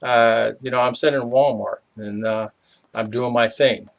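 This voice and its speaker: A middle-aged man and business owner, telling a personal faith story in a rambling, halting way, full of fillers and restarts. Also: medium pitch, steady tone, creaky. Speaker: small business owner sharing a faith reflection.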